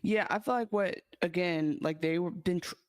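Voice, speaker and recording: A man's voice: high-pitched, normal speed, smooth, no echo, clean studio sound. A man co-hosting a podcast, chatting casually about a TV episode in a rambling, enthusiastic way with many restarts. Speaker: podcast co-host. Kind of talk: casual TV recap chat.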